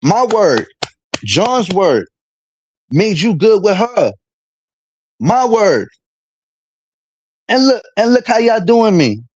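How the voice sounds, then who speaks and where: A man's voice: high-pitched, sing-song, slow, long pauses, darkish tone, slightly rough, no room sound, lo-fi sound. A man streaming a casual, heated monologue, full of street slang and repetition as he vents about a friend.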